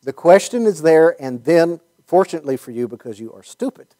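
A man's voice: a little high, lively intonation, brisk, warm tone. A man giving a conversational Bible teaching talk, rambling with many fillers and restarts and wry asides. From United States.

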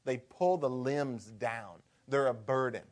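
A man preaching a sermon as pastor, shifting from hushed and conversational to loud and emphatic. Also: mid-range voice, slow.

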